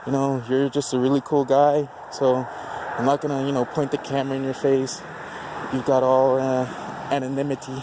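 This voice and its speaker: A man's voice: medium pitch, completely flat delivery, normal speed, background noise. A man filming outdoors at night on a handheld camera, giddy and swearing, laughing often between remarks. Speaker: vlogger filming a burnout. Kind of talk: excited casual commentary.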